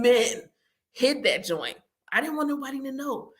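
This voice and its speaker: A woman's voice: high-pitched, big pitch swings, measured pace. A woman hosting her own channel, telling personal stories casually with lots of laughter and acted-out reactions. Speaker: channel host.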